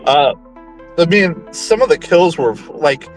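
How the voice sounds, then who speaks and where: A man co-hosting a horror movie review show in casual chat, relaxed and rambling with lots of fillers. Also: on the high side, unhurried, faint music behind.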